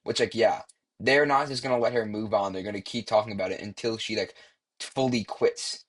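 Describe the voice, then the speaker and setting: A young man rambling through casual online commentary, swearing freely and filling pauses with "like" and "um.". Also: fairly low pitch, fairly even intonation. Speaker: commentary YouTuber.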